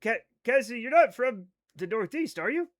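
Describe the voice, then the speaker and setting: A man's voice: extremely high pitch, big pitch swings, moderate pace. A man with a Rhode Island accent, chatting casually on a live game stream, rambling as he reads chat aloud and riffs on it.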